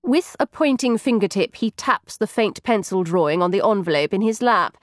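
A woman narrating an audiobook with a lively, expressive reading. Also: medium pitch, normal speed, hardly any pauses, no echo, studio quality.

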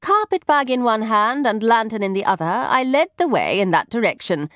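A woman narrating a first-person audiobook in an expressive, lively storytelling manner. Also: on the low side, normal speed, hardly any pauses, dry recording, clean studio sound.

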